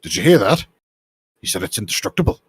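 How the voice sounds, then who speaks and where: A man voicing a brash, bossy male master engineer who barks orders in a raised, higher voice. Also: big pitch swings, fast talker, slightly rough, no room sound, studio quality, full character voice. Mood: knowing. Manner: barking orders, shouting.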